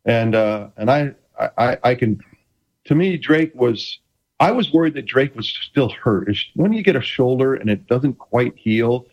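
A man's voice: mid-range voice, unhurried. Middle-aged guy rambling about football, voice all over the place, dull muffled sound. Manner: animated, rambling with many restarts, playful. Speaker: guest, former quarterback. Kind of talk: casual interview chat.

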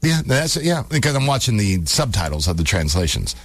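This radio host's voice is lowish and slightly rough, fairly quick, and the recording is dry. Chatting casually in the studio, he's an animated storyteller who repeats words to get laughs.

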